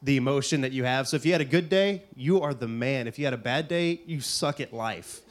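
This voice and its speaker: A man's voice: mid-range voice, a little fast. A young adult man speaking casually with slang and emphatic asides. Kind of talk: casual chat.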